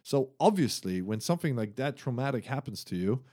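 A man in relaxed conversation, laughing a lot and swearing freely. He tells his stories in an animated way, acting out little quotes as he goes. His voice sits at a middle pitch. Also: a little fast. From Germany. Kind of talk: casual chat.

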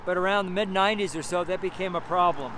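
A man's voice: sits high, fast, background noise. A man giving a street sermon and prayer, preaching emphatically with lots of repetition and fillers.

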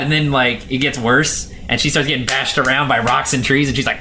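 Bright-voiced man eagerly retelling a film. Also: medium pitch, fairly quick, hardly any pauses, slight background noise. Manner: eager storyteller, stumbles and restarts, acts out lines. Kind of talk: casual chat, retelling a movie scene.

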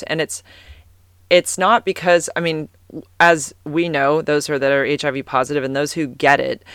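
A man's voice: medium pitch, fairly bright tone, smooth, no room sound, studio quality. A man talking candidly to camera in a casual monologue, rambling with fillers and restarts and swearing for emphasis when heated.

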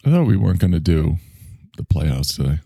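Dry low-key man, gravelly voice. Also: big pitch swings, fairly quick, warm tone, dry recording. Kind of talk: casual comedic banter.

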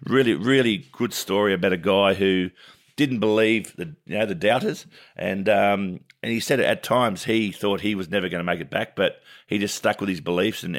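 A man co-hosting a sports podcast, chatting casually and laughing often as he tells stories. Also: deep voice.

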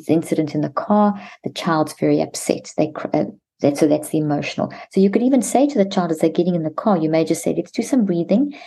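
A woman guest expert explaining calming steps for kids to parents, with frequent restarts and repeated words. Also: low-pitched. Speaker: guest expert on mental health.

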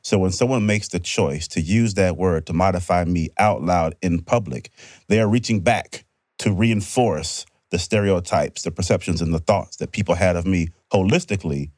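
Low-voiced earnest male host, dry studio sound. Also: moderate pace, darkish tone, dry recording. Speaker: podcast host. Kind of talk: casual podcast discussion.

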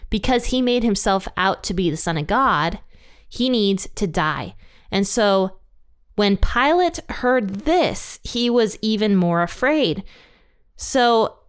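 A woman's voice: mid-range voice, clear, resonant tone. Woman teaching scripture casually. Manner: conversational, paraphrases scripture in everyday words. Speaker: Bible teacher. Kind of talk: casual Bible study teaching.

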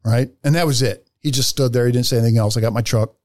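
A man's voice: mid-range voice, fairly even intonation, fast, darkish tone, a little hiss or hum. A man telling a story in casual podcast chat, blunt and profane, acting out the other people in it. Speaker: podcast co-host.

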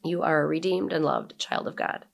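A woman in her forties, a blogger and brewery owner, chats casually as an interview guest before reading her own blog aloud, giving quoted lines emphasis. She's relaxed and chatty, with a low-pitched voice, normal speed, and vocal fry.

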